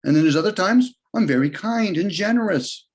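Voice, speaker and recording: A man talking on a video call in a casual, rambling way, arguing his points and often jumping in pitch for emphasis. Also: animated, a little fast. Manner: rambling, argumentative, shifts pitch often for emphasis and quoted voices.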